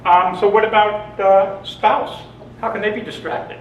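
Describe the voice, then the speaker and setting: Joking and storytelling before an audience, a male seminar speaker laughs often. His voice sits high with a steady tone and a slightly slow delivery. A distant mic in an echoey room captures him with a little hiss or hum.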